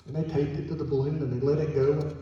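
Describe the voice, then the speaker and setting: A male pastor delivers a sermon in a church sanctuary, retelling a story with quoted dialogue in a mellow, slightly raised voice. The recording is distant and roomy, with long reverb from a large hall. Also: fairly high pitch, little pitch movement, fast, highs cut off. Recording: echoey church hall from far off.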